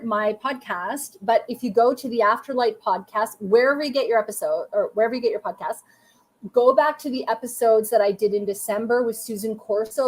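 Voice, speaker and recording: A woman medium gives live readings on a stream, chatting with viewers in short, soothing, affirming phrases and saying "okay" often. Her voice is fairly high and a little mellow.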